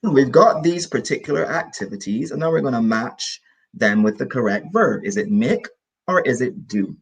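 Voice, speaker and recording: A man from the Caribbean teaching an online English lesson, lively and encouraging, repeating key phrases for his student. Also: medium pitch, normal speed, vocal fry.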